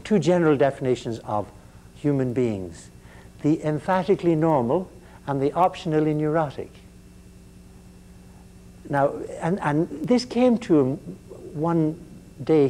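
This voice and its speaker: Older guy lecturing, mellow low tone, keeps stammering and restarting, dry jokes, faint hum on the tape. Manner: halting, repeats words, wry humor. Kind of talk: university lecture.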